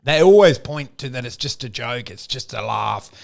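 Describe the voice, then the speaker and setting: A man, co-hosting a casual podcast chat, animated and sweary, often acting out the voices of people he describes. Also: medium pitch, normal speed, vocal fry. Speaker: podcast co-host.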